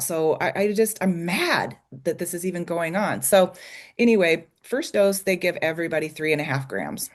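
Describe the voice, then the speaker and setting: This American woman has a lowish, expressive voice at a normal speed. Speaking as an interview guest about a small Idaho logging community, she shares an emotional, candid personal story with many ums and false starts.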